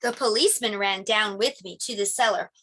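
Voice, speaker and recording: A middle-aged woman preschool teacher reading a picture book aloud to young children, animated and playing sound effects. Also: medium pitch, brisk.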